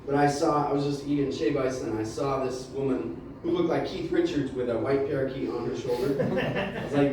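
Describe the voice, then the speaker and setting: A man's voice: medium pitch, warm tone. Rambling stand-up comedian man, roomy sound. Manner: rambling storyteller, loose and halting, lots of "like". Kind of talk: stand-up set. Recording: roomy, distant mic with faint room noise.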